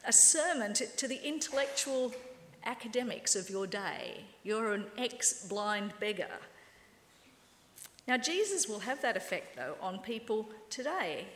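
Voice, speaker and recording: A woman preaching a lively, wry sermon and acting out quoted voices. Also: a little high. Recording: echoey hall with long reverb.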